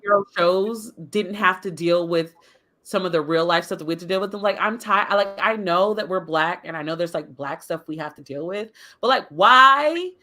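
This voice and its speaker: Bright, forceful woman co-host, expressive casual talk. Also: a little fast. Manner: expressive, rises in pitch when exasperated. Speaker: podcast co-host. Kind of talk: casual book club discussion.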